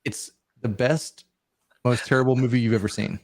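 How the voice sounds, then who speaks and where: A man's voice: medium pitch, steady tone, moderate pace. A man co-hosting a podcast in casual conversation, dropping dry joking asides. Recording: dry close sound.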